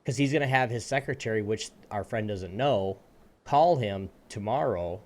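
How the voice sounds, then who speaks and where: Lively storytelling man, lowish voice. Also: normal speed. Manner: animated, acts out voices in anecdotes. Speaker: podcast co-host. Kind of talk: casual storytelling.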